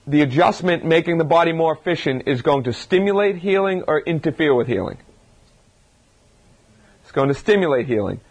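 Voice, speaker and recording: A man's voice: a little high, animated, normal speed. A man, a chiropractor, gives an informal lecture to a live audience, talking through his points with rhetorical questions and frequent restarts. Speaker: chiropractor giving a health talk.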